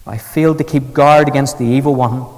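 A broken, despairing prisoner, read aloud by a preacher speaks in a low, defeated voice. His words ring out with a long reverb through a large hall. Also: fairly even intonation, a little fast, a little mellow, natural voice. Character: despairing imprisoned older male backslider.

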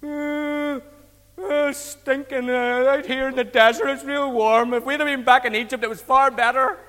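Man as a high, wailing mob of complainers in a reverberant hall. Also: completely flat delivery, drawn-out words, exaggerated voice. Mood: whining. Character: whining complaining crowd of desert wanderers.

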